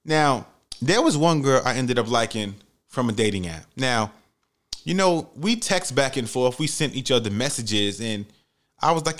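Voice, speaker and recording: A man hosting a solo podcast, telling stories in a profane, animated way and acting out the people he quotes. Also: mid-range voice, measured pace. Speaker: podcast host. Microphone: studio mic with headphones.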